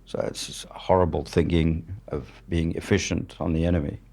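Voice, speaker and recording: Deep-voiced older French man. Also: little pitch movement, normal speed, gravelly, dark tone. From France. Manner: blunt, matter-of-fact, swears freely. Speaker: guest, war journalist. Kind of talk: candid storytelling in conversation.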